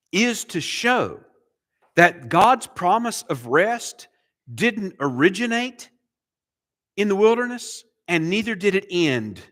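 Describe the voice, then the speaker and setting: A man's voice: a little high, a bit bright. A middle-aged man preaching an expository sermon as pastor, asking rhetorical questions and repeating key phrases for emphasis. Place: church sanctuary.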